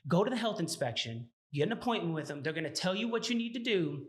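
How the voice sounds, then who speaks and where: This high-voiced, fast-talking Texan is a restaurant owner sharing his story as a guest in relaxed conversation. Animated throughout, he laughs and performs the dialogue as he goes.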